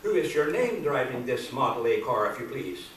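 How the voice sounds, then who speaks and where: A man's voice: medium pitch, very animated, normal speed, a little hiss or hum, close to an everyday voice. A man playing a stern small-town male sheriff who questions drivers at a roadblock. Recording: echoey hall from far off.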